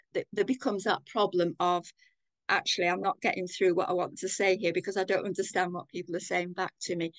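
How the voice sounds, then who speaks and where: An older woman with a Manchester accent, giving a thoughtful, measured personal account on a video call. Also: lowish voice, no room sound. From England. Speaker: community participant.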